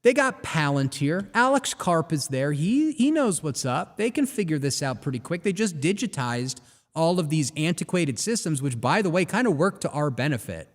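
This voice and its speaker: Animated ranting male host. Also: fairly high pitch, moderate pace, big-room sound. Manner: animated, ranting, rhetorical questions. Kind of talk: live show monologue.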